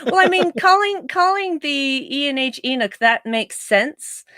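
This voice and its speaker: Chatty woman co-host, somewhat high, dry close sound. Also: animated, unhurried, a bit bright, no echo. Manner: chatty and explanatory, laughs often. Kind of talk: casual podcast chat.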